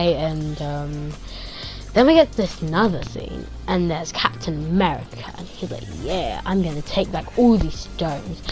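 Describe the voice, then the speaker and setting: Speaking in a low voice, a woman reviews a movie casually, acting out scenes with excited pew-pew noises and wandering off into soft, rambling tangents.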